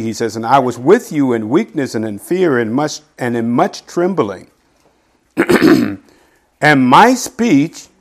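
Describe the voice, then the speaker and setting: A middle-aged man preaching a sermon in a conversational teaching style, reading scripture slowly and asking his listeners "right?". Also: fairly high pitch. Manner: quotes scripture slowly and deliberately. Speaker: pastor.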